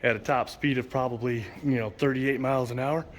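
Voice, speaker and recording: A man's voice: medium pitch, fairly even intonation, a little fast. A man casually narrating a walk through a car museum, enthusiastically reading exhibit signs aloud and sometimes stumbling over names. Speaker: vlogger touring a car museum. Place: indoor car museum hall.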